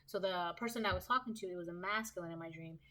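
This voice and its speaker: A woman reads tarot for her viewers in a loose, conversational way. She rambles and keeps checking in with "right?". Her voice has a bright, forceful edge. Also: fairly low pitch, fast. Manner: rambling, tags sentences with "right?". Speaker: tarot reader. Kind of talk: casual spoken tarot reading.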